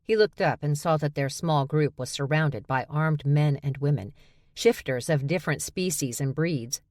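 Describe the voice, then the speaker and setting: A woman's voice: deep voice, moderate pace, a little mellow, dry recording. A woman narrating an audiobook with wry, dry storytelling. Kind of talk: scripted narration.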